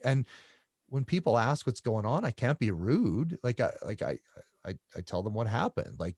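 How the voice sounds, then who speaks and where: A middle-aged man telling stories in a casual interview, halting and often repeating his words as he restarts sentences. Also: medium pitch, sing-song, a little mellow, slightly rough, no echo, studio quality. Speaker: guest.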